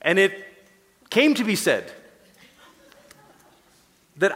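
Pastor guy preaching, animated, bright voice, big echoey church hall. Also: a little high, normal speed. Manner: animated, voices Paul in casual speech, drops to soft whispers. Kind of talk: sermon.

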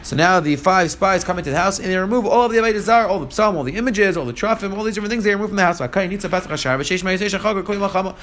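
A man's voice: high voice, racing, few pauses, fairly bright tone, slight background noise. A man teaching a verse-by-verse text lesson, reading Hebrew verses aloud and then retelling them in casual English. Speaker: Torah teacher.

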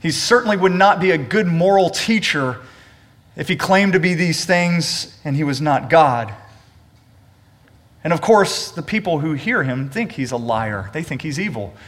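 A male pastor with a voice pitched a little above the usual delivers an earnest sermon. He speaks straight to his congregation, stressing points by repeating his words. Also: expressive, a little slow, a bit bright. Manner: addresses the congregation directly. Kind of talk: sermon with scripture reading and prayer. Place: church service.

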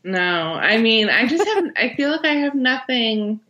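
A woman guest-hosting a casual fan podcast, thoughtful and measured, hedging her opinions. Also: fairly high pitch, animated, a bit bright, dull audio. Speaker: guest host. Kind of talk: casual chat.

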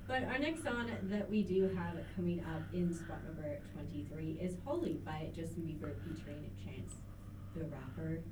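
A woman's voice: fairly low pitch, moderate pace, few pauses, background noise. A young woman co-hosting a student radio show in casual chat, giggly and playful with mock-dramatic outbursts. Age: young adult.

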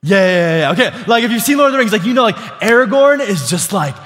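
Youthful pastor preaching in a reverberant hall. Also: male voice, high-pitched, expressive, fast talker, fairly bright tone. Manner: casual, filler-heavy preaching with lots of "like" and restarts; asks the congregation questions and calls for responses. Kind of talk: sermon. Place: church sanctuary before a congregation.

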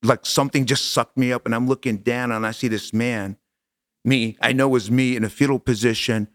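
A middle-aged man telling a personal story as an interview guest, animated and casual, acting out dialogue. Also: medium pitch, a little fast, dry recording. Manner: animated, acts out quoted dialogue, casual slang.

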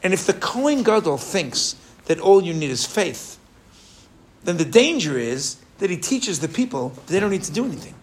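Animated man teaching a Torah class. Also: high-pitched, normal speed. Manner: animated, asks rhetorical questions, mixes in Hebrew phrases.

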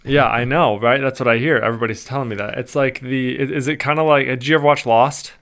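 A man co-hosts a casual podcast, talking in a loose, rambling way with plenty of "like" and "you know." His voice is smooth and clear, and his pitch sits at an average level. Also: steady tone, fast, fairly bright tone. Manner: talkative, rambling, with many fillers and restarts. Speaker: podcast co-host. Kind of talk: casual chat.

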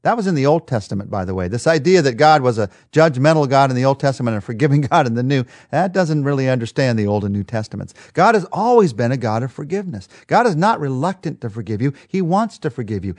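A man delivering a devotional sermon with an emphatic, repetitive rhetorical rhythm. His pitch swings widely as he stresses each point, and the sound is dry and close. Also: sing-song, fast talker, hardly any pauses, darkish tone, dry recording. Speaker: preacher.

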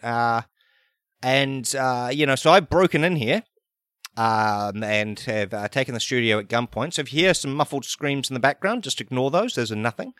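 A man, hosting a podcast in a rambling, deadpan comedic monologue full of fillers and restarts. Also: medium pitch, normal speed, no echo, studio quality. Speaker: podcast host.

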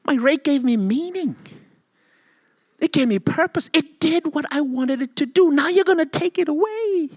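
A man voicing an indignant person who complains loudly that his rake is being taken away. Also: very high voice, animated, moderate pace, no room sound, clean studio sound, voice pushed up. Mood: outraged. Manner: whiny, outraged complaining. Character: indignant adult clinging to his garden rake.

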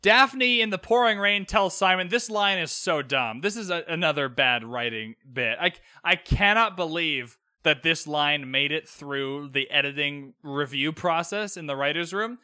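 Animated, sarcastic young man podcasting. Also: high-pitched, normal speed, no room sound, studio quality. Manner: animated, sarcastic, swears freely. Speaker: podcast host. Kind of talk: casual recap commentary. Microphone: own podcast microphone.

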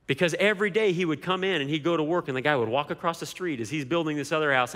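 A man's voice: on the high side, quick pace, a bit bright. A man preaching a sermon as pastor, emphatic, with repeated rhetorical questions. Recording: long hall reverb.

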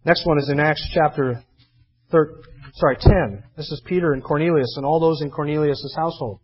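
A man's voice: on the high side, fairly even intonation, fairly quick. A man preaching a sermon, emphatically reading scripture verses aloud and commenting on them between readings. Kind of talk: expository sermon. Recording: dull lo-fi sermon recording.

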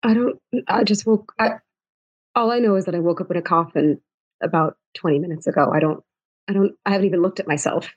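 A woman playing in a tabletop game, quick, giggly and bewildered. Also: on the low side, husky, highs cut off. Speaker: player. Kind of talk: casual tabletop role-play.

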